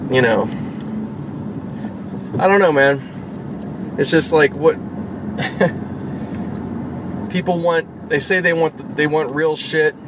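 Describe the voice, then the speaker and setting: A man's voice: fairly high pitch, drawn-out words, pauses often. A man vlogging from his car in traffic, rambling, irritated and swearing a lot as he talks to viewers. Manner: rambling, profane, with lots of restarts. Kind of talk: casual rambling monologue to viewers. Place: inside a car, driving in traffic. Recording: road and traffic noise.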